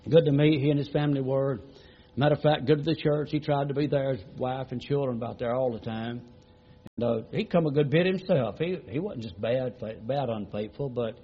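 A man's voice: mid-range voice, normal speed, slightly rough, dull audio. A middle-aged man preaching a sermon as a pastor, retelling conversations in a folksy, repetitive way with many "he said" tags.

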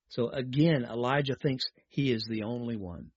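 A man's voice: mid-range voice, unhurried, hardly any pauses, breathy edge, dry recording, muffled recording. A man preaching a sermon, reading scripture aloud and then speaking straight to his listeners.

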